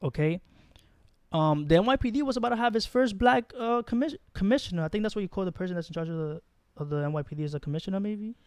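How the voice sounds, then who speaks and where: Heated, high-voiced young New man. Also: animated, fast, clean tone, no echo, studio quality. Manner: heated, blunt and profane, slangy. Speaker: podcast co-host. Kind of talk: casual podcast chat.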